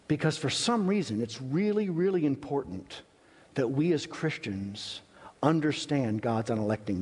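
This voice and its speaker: Slow, deliberate male preacher in a hall. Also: mid-range voice, a little mellow, slightly rough. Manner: earnest, emphatic preaching with long pauses. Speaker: pastor. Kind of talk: sermon. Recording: reverberant hall.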